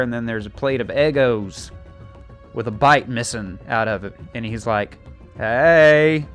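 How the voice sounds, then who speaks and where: A man's voice: mid-range voice, smooth. A young man casually recapping a TV season, rambling and joking with plenty of filler words. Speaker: show recapper. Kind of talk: casual plot recap with acted quotes.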